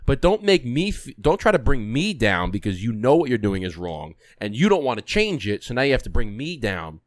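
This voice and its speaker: A man's voice: medium pitch, very animated, fairly quick, dry recording, clean studio sound. A young man co-hosting a podcast, ranting bluntly with swearing in casual chat. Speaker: podcast co-host.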